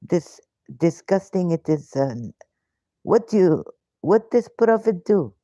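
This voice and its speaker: An ex-Muslim woman hosts a live Q&A, her voice fairly low, mellow, and slow with lively intonation, recorded dry over dull lo-fi stream audio. Emphatic and indignant, she stacks rhetorical questions, with hesitant fillers and broken grammar.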